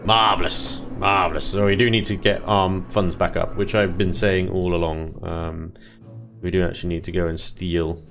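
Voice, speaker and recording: A man casually commentating his strategy game play, chatty, self-deprecating and quick to laugh. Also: deep voice, flat delivery, vocal fry, faint music behind. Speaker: let's play host.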